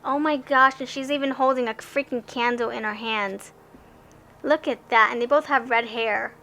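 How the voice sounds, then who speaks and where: A woman's voice: fairly high pitch, fairly even intonation, normal speed, creaky, pushed and bright. A young woman giving a casual tarot card reading, chatty and rambling, who often stammers and restarts her sentences.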